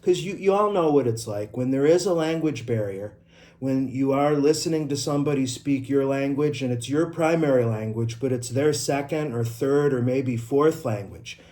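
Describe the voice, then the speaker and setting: A man's voice: medium pitch, moderate pace, warm tone. A middle-aged man with an Inland North American accent from upstate New York, an IT trainer talking casually to camera, personal and full of asides. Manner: chatty and personal, with asides and self-corrections. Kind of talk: casual vlog talk to camera.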